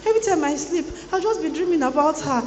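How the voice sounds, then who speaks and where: A woman's voice: high-pitched, lively intonation, quick pace, a little mellow, slight background noise, pitched above the performer's own voice. A dreamy, lovesick teenage schoolboy, as a woman puts him on, sighing through his words in a raised voice. The sound carries around an echoey hall with long reverb.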